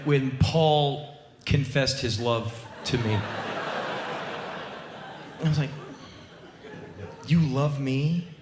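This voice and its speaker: A man in his forties giving an animated live spoken word monologue on a theater stage, with sudden loud outbursts. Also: medium pitch, background noise. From United States. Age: 40s. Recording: roomy live theater sound.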